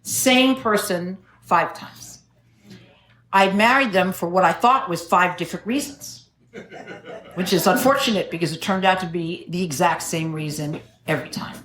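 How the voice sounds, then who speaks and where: Middle-aged woman, recovery-meeting speaker, self-mocking humor, lower register, roomy echo. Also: normal speed, a bit bright. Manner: wry, self-mocking storytelling with jokes. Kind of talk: personal recovery talk at a meeting. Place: meeting room. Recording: echoey meeting room.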